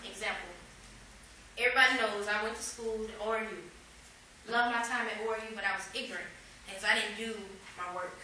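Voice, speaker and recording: A young woman preaching a sermon, telling personal stories and rising to loud, excited outbursts. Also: medium pitch, brisk. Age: young adult. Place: church sanctuary. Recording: echoey church from far off, noisy. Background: congregation responding.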